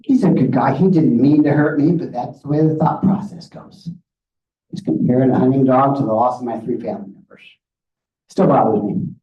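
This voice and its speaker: A man's voice: medium pitch, a little fast. Earnest middle-aged man, distant and roomy. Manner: earnest, direct, frequent "okay?". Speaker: guest speaker on grief. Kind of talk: presentation with slides. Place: meeting room. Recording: roomy, distant, muffled room audio.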